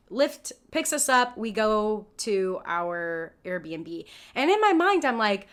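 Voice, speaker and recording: A woman's voice: mid-range voice, sing-song, moderate pace, hardly any pauses, fairly bright tone. A woman from California, co-hosting a podcast and telling a story in casual chat with casual swearing. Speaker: podcast co-host.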